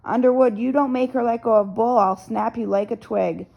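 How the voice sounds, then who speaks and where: A woman's voice: fairly high pitch, normal speed, gravelly, dull audio. A woman voicing a vicious teenage boy bully who barks bossy threats. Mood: threatening.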